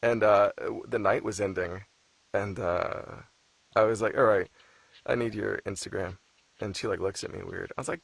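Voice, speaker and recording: A man's voice: on the low side, moderate pace, creaky, no room sound. A man, an audiobook narrator, chatting casually on a live stream, laid-back and swearing freely as he tells stories with a laugh. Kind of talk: casual chat.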